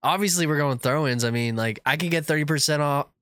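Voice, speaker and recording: A man's voice: on the high side, fast talker, fairly bright tone, clear, resonant tone, no room sound, studio quality. A man working as intern on a casual podcast, blunt and matter-of-fact.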